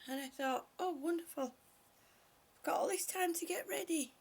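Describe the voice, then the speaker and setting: A woman hosting a casual live stream, greeting viewers by name, short of breath and breathy, often dropping to a whisper. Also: very high-pitched, normal speed, a little hiss or hum. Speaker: livestream host.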